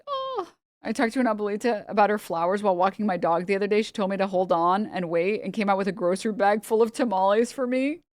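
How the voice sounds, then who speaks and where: A woman's voice: medium pitch, lively intonation, fast, darkish tone, no room sound. A woman from the United States, a streamer who chats bluntly and with a lot of swearing while reacting to videos on stream. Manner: blunt, profane, chatty. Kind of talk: casual reaction stream chat.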